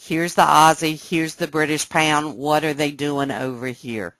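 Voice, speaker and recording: A woman teaching a live trading webcast, explaining step by step and often checking that listeners follow, sounding excited. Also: low-pitched, unhurried, dry recording. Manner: excited, animated. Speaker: trading instructor. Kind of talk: live trading room lesson.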